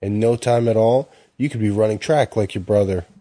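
A man's voice: fairly low pitch, fairly quick, dark tone, no echo, close to an everyday voice. A man voicing a falsely friendly, persuasive adult male salesman in a storybook reading.

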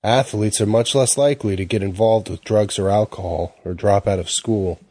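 A man's voice: on the low side, steady tone, moderate pace, a little mellow, husky, no echo. A man voicing a falsely friendly, persuasive adult male salesman in a storybook reading.

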